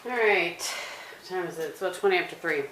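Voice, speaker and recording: Woman, middle-aged, low voice, casual vlog, chatty, rambling, laughs a lot, camera on the desk. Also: brisk, fairly bright tone, a little hiss or hum. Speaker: vlogger. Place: at home by her desk. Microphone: camera propped on a tissue box.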